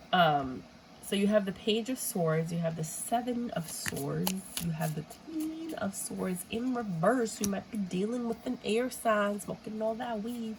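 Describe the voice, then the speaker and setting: A woman's voice: lowish voice, background noise. A woman giving a casual, rambling tarot reading with a stuffy, runny nose, sometimes throwing in Spanish exclamations. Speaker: tarot reader.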